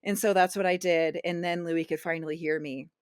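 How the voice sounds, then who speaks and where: A woman in her thirties, a podcast guest telling a personal story in an animated way and acting out the dialogue. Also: on the low side, a little fast, clear, resonant tone, no room sound, studio quality. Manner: animated, acts out quoted dialogue.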